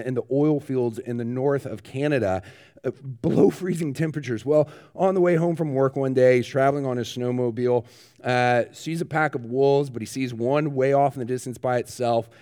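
A man preaching a sermon, telling vivid stories with growing animation. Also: medium pitch. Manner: animated storyteller, rising excitement, laughs. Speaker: pastor. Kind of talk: sermon storytelling.

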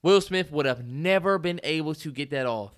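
A man's voice: a little high, moderate pace, smooth. A man co-hosting a podcast, emphatic and profane in casual chat, repeating himself as he riffs. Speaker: podcast co-host.

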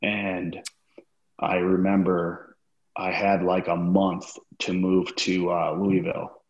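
A man's voice: low voice, little pitch movement, takes it slowly. A man as a podcast guest, telling a long story in a casual, profane and rambling way with many fillers. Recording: roomy, slightly dull sound.

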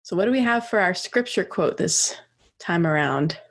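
A woman in her thirties co-hosting a podcast, chatty and animated in casual talk. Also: fairly low pitch, normal speed. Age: 30s. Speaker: podcast co-host.

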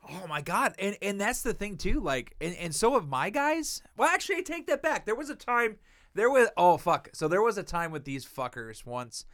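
A man's voice: sits high, big pitch swings, normal speed, a bit bright, no echo, studio quality. A man telling a long, exasperated story in casual chat, swearing a lot and acting out the people he quotes.

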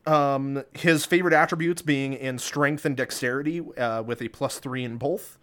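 A man's voice: mid-range voice, fairly even intonation, normal speed, fairly bright tone. A man co-hosting a casual podcast, talking through a movie and a tabletop monster with lots of fillers and restarts. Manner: rambling, filler-heavy, laughs often. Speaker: podcast co-host. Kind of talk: casual chat.

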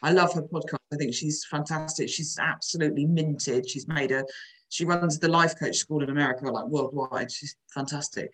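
A woman's voice: sits low, moderate pace, rough recording. A woman, chatting frankly as a coach on a podcast. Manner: chatty, frank, lively storytelling. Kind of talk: casual podcast chat.

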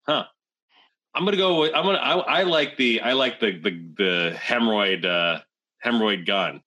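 A man in a casual chat who talks in an animated way and laughs easily. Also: mid-range voice, moderate pace.

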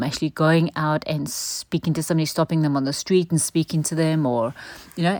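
A woman tells a candid personal story in a low voice. She often checks in with a quick "right?". The sound is dry and close, with no room. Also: darkish tone, no room sound. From South Africa. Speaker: church member sharing a testimony. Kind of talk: personal testimony talk.

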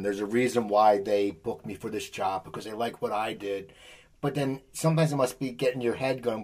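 A man's voice: mid-range voice, lively intonation, moderate pace, darkish tone. Man asking loose rambling questions. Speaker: interviewer. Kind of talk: casual interview questions.

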